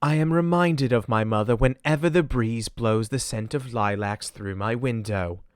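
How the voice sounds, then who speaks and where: Man putting on a deadpan, clueless English royal. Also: mid-range voice, normal speed, clean tone, no echo, lightly acted. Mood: solemn. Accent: put-on English. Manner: solemn, deadpan delivery of absurd confessions. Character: earnest, clueless young royal man reading his memoir. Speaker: comedian. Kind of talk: parody audiobook narration.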